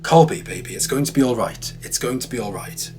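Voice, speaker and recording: A man's voice: medium pitch, a little fast, faint music behind, lightly acted. A man voicing a frightened middle-aged grandmother who pleads and soothes a terrified child, lifting his voice slightly above his narration. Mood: soothing.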